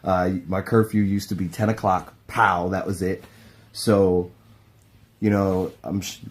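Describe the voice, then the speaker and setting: A man with a very low, deep voice talks in a relaxed, meandering way, full of slang. He is a pro wrestler giving a casual testimonial. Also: a little slow. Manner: laid-back, rambling, slangy.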